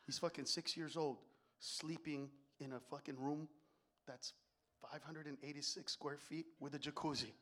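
A comedian voicing a stern wife who scolds her husband in a very quiet, sarcastic, deadpan voice. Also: fairly high pitch, normal speed, pitched below the performer's own voice, close to an everyday voice.

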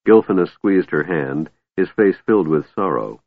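A male audiobook narrator with a very low, husky voice, telling a fantasy story at a measured pace. The recording is dry and thin, cut down like a phone line. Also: expressive, no room sound. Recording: tinny phone-like band, dry.

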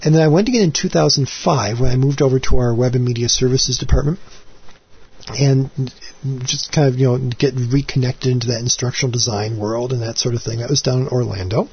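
A man's voice: mid-range voice, fairly even intonation, fairly quick, highs cut off, slight background noise. A man in his forties hosting his own podcast, chatting alone in a rambling, self-deprecating way with many restarts and asides. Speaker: podcast host. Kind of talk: casual solo podcast monologue.

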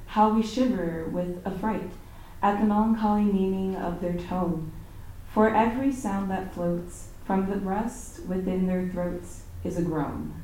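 A woman's voice: fairly low pitch, warm tone, a little hiss or hum. A woman student reads a poem aloud in class. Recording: echoey classroom from far off.

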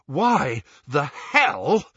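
A man voicing a blunt, awkward young man who talks loudly and haltingly. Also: medium pitch, wildly swooping pitch, slightly rough, no echo, lo-fi sound, exaggerated voice. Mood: shouting.

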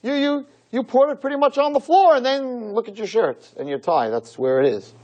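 A man's voice: very high voice, lively intonation, moderate pace, a little mellow, dull audio, voice pushed up. A man voicing exasperated restaurant staff, insistent and raised.

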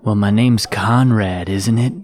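A man voicing a smug, deadpan male convict in an improvised comedy interview. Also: lowish voice, unhurried, natural voice.

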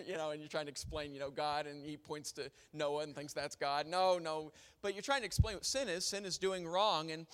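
Young guy preaching, high voice, telling funny stories, echo of a big hall. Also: fairly bright tone, clear, resonant tone. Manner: storytelling with humor, then reading scripture. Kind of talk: sermon.

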